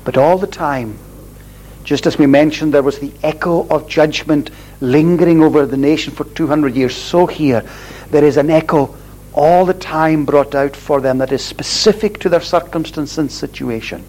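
A man preaching a sermon in a deliberate, emphatic way, repeating phrases and stressing key words. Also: fairly high pitch, darkish tone, rough recording.

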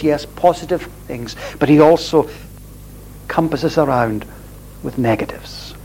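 A man delivers a sermon with slow, deliberate emphasis, leaning hard on repeated phrases. His voice sits a little higher than most men's. A faint hum runs under the recording. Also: a little mellow, rough recording. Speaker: preacher.

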